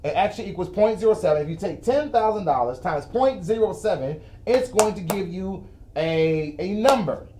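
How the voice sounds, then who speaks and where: A man with a high-sitting voice and lively intonation talks at normal speed as he hosts a live-streamed finance lesson from a whiteboard studio. As a financial educator, he's casual, chatty and full of jokes. The echoey room has a noisy background.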